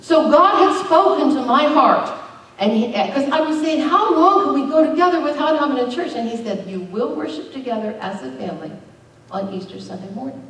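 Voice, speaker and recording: A woman's voice: sits high, expressive, a little fast. A middle-aged woman pastor preaching a conversational sermon with emphatic bursts. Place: church sanctuary. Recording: very echoey, distant church recording.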